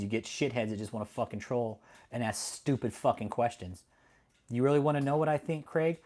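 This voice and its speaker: Male streamer, casual profane commentary, heated and quick to laugh, addresses chat directly. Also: medium pitch, a little mellow. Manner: talks directly to chat viewers. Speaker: livestream host.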